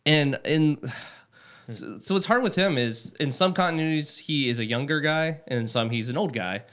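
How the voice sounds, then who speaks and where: A young man chatting casually with a group, relaxed and loose, with lots of fillers. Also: fairly high pitch, normal speed. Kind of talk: casual chat.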